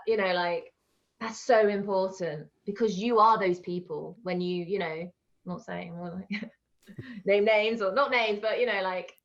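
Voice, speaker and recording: Chatty Englishwoman on dull call audio. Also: mid-range voice. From England. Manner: chatty, rambling, laughs between thoughts. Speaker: guest, online vocal reaction creator. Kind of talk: casual interview chat.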